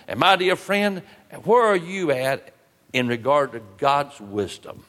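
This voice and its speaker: A man preaching a sermon, asking repeated rhetorical questions with drawn-out emphasis. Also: fairly high pitch, very animated, fairly bright tone, long reverb tail. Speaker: pastor. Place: church.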